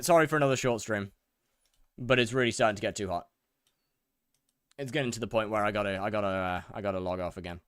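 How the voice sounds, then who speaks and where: A man's voice: on the low side, a bit bright, smooth, no room sound, clean studio sound. A man streaming a game live, reading out chat questions and answering them in a casual, repetitive way while overheated and sweaty. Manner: reads chat questions aloud and answers, repeats phrases. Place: hot room in a house.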